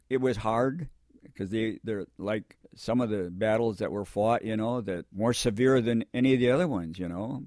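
A man's voice: fairly low pitch, darkish tone, no room sound, clean studio sound. An older man, a Marine veteran, telling his war memories in an interview, rambling and repeating himself, acting out what people said. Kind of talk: oral history interview, storytelling.

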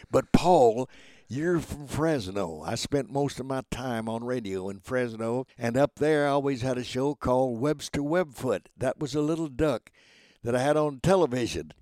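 A man's voice: medium pitch, lively intonation, normal speed, a little mellow, no room sound, studio quality. Fields: Sex: man. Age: 90s. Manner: folksy, chatty. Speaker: guest, voice actor. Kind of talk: casual interview chat.

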